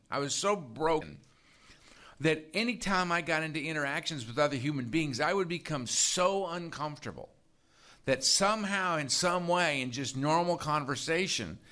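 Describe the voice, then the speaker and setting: A man's voice: fairly high pitch, sharp tone. A man giving a candid, conversational talk about his recovery to a live audience, often checking in with "right?". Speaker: speaker at a recovery meeting.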